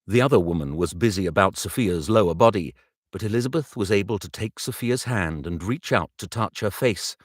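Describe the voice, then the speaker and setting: Deep-voiced man narrating an audiobook. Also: animated, no echo, clean studio sound. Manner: slow, measured reading with retakes. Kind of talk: audiobook narration recorded live.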